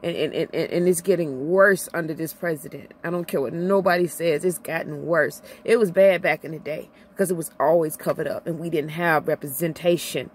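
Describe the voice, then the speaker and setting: Woman, middle-aged, near tears, emotional, repetitive, voice swinging high and low, impassioned vlog rant. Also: fairly even intonation, fairly quick, hardly any pauses, a little hiss or hum. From Illinois. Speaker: vlogger.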